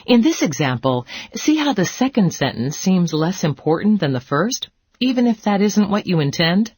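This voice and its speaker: A woman's voice: on the low side, big pitch swings, moderate pace, darkish tone, husky, no echo. A woman playing a teacher in a scripted educational dialogue, patient and encouraging.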